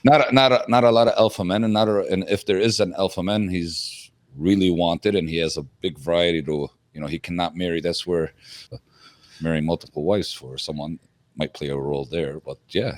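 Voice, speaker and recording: A man's voice: low-pitched, a little fast, no echo. A man speaking as a podcast guest, blunt and emphatic, often repeating words as he gets going. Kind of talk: casual podcast conversation.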